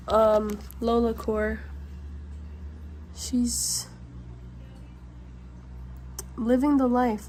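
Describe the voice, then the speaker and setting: A teenage girl with a somewhat high voice records a casual book vlog on her phone. She is candid and dramatic, going from hushed whispers to loud griping. Faint background noise sits under the recording. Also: low-quality recording. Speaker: book vlogger. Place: bathroom.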